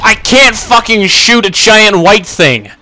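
High, lively young man raging at a game. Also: slow. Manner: short-tempered, cursing, yelling at the game. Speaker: gameplay commentator. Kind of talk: gaming commentary. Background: gunfire from the game.

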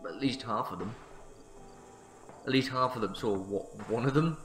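A man's voice: medium pitch, brisk, a bit bright. Jokey man commentating a game. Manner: jokey, self-mocking, laughing at the story. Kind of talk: let's play commentary. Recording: roomy sound with faint music.

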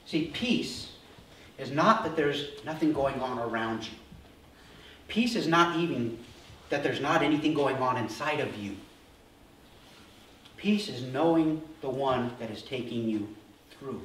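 Male pastor, middle-aged, sermon, animated storyteller, distant mic, faint room hum. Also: medium pitch, measured pace, pauses often. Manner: animated storytelling, acting out disciples' voices. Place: church sanctuary. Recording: roomy hall from a distance.

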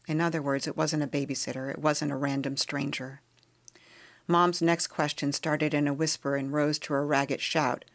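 Low, gravelly-voiced woman reading a memoir. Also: steady tone. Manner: quiet, measured, intimate narration. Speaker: podcast host reading a memoir chapter. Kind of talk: audiobook-style reading aloud.

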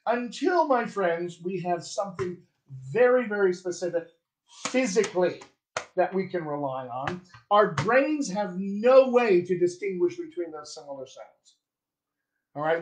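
A man coaching dialects in a live-streamed lesson, playful and chatty with a fairly high voice. He talks to viewers with easy humor. The sound is roomy and echoey. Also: lively intonation, moderate pace, slight background noise. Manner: playful, chatty, laughs at himself. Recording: echoey room.

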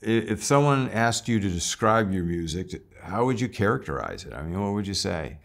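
A man interviewing a guest, asking measured questions and giving brief backchannels. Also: on the low side, sing-song, vocal fry.

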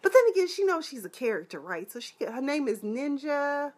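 A woman reviewing a TV episode in a casual live chat, animated and sassy, with lots of exclamations. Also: high voice, fairly quick. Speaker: TV show reviewer.

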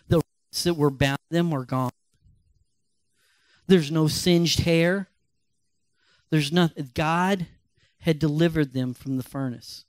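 A male pastor telling a Bible story as a sermon, animated and emphatic. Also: a little high, slow, pauses often, dry recording.

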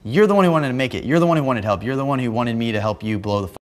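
A man ranting hard and fast, profane and exasperated, defending himself in casual talk. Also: medium pitch, animated. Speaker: internet personality responding to accusations. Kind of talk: heated casual rant.

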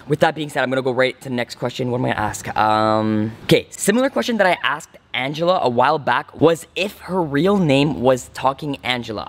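A young man with a somewhat high voice hosts a casual vlog, speaking straight to his viewers. He sounds excitable and alarmed, keeps turning to his audience, and jumps between questions as he talks. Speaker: YouTuber host.

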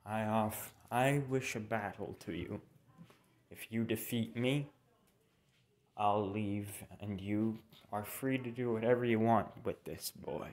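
A man voicing a tall shadowy male swordsman in a fan story, slow and measured with low hums. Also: darkish tone. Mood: menacing.

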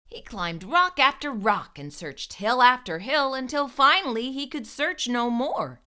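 A woman hosting a children's storytime, reading a picture book aloud in an expressive, animated way. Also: on the high side, measured pace. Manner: warm expressive read-aloud. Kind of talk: read-aloud storytelling for kids.

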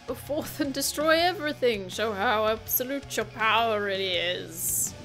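A woman voicing a slow, menacing male warlock villain in a video game, reading his lines in a drawn-out, theatrical way. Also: fairly high pitch, music in the background, poor audio.

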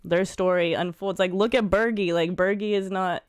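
Smooth-voiced chatty young woman. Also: medium pitch, steady tone, moderate pace, no echo, clean studio sound. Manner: chatty, leans heavily on "like". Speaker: podcast co-host. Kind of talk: casual chat.

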